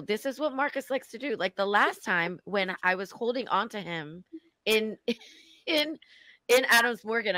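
A woman telling a story in casual chat on a podcast, animated, swearing freely and laughing as she talks. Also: on the low side, no echo, poor audio. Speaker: guest.

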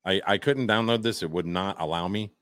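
Man, very low voice, dry close sound, casual co-host, halting news reading. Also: a bit bright, dry recording. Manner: halting, reads news stories aloud with restarts. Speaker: podcast co-host. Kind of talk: casual live-stream chat.

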